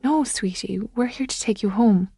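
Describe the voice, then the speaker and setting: A woman reading an audiobook, voicing a determined woman officer who coaxes a lost girl gently. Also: on the high side, normal speed, breathy edge, dry recording, studio quality, voice pushed up. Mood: gentle. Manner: urgent but gentle, coaxing.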